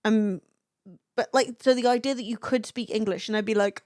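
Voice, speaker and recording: Brief: young woman streamer, foul-mouthed, chatty, quick laughter, dry close sound. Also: a little high, fairly even intonation, darkish tone, no echo. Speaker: livestreamer. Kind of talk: casual stream chat, reading chat aloud.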